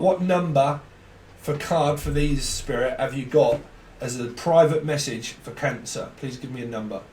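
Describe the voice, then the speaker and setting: A man's voice: on the high side, darkish tone, a little hiss or hum. A man giving a casual tarot reading, rambling, laughing often and swearing freely. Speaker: tarot reader. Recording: echoey room, mic at a distance.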